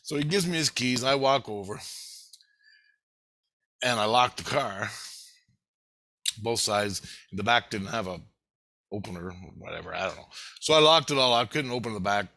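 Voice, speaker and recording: A man telling a story to camera in a rambling, profane, animated way. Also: mid-range voice, normal speed, gravelly, pauses often. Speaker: vlogger.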